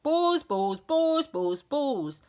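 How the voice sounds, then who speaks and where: A woman voicing a frantic male schoolteacher who booms and shouts the same word over and over, in a storybook reading. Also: very animated, a little slow, heavily acted. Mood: manic. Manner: booming, shouting repeatedly.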